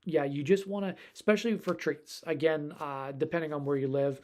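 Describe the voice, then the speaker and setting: Man, dog trainer on a live stream, loose rambling delivery, a touch higher pitched than most. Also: steady tone, a little fast, warm tone. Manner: rambling, conversational, folksy. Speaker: dog trainer and behavior specialist.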